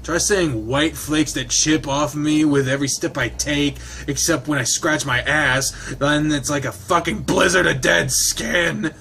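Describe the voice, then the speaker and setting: Man reading a gruff, swearing lizard man from a visual novel, crude and grumpy. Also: a little high, fairly even intonation, unhurried, few pauses, pushed and bright, a little hiss or hum, full character voice. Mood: grumbling. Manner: foul-mouthed, gruff. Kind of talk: visual novel read-aloud.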